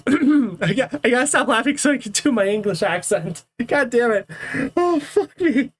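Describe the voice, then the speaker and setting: A woman's voice: sits high, very animated, slow pace, long pauses, slightly rough. A woman doing casual, giggly game commentary, swearing often as she reads the story. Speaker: let's player.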